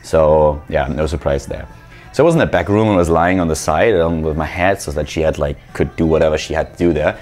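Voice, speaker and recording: Deep-voiced man telling a story. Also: a little fast, a little mellow, soft background music. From Germany. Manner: rambling, filler-heavy, self-mocking. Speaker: vlogger. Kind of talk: casual storytime.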